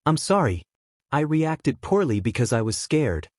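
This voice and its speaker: A man's voice: mid-range voice, big pitch swings, measured pace, no echo, clean studio sound. A man voicing a weary, guarded adult male teacher in a fanfiction reading, apologizing stiffly and earnestly. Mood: apologetic.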